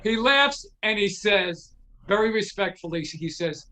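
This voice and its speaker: A man's voice: high-pitched, a little slow. A middle-aged man, a guest on a show, casually telling a long anecdote, acting out the lines of the people in it and swearing freely. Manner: animated anecdote teller, acts out quotes, swears freely. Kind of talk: casual storytelling.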